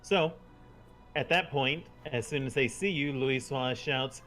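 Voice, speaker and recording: A man running a tabletop game as game master, relaxed and halting with plenty of fillers. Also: medium pitch, faint music behind.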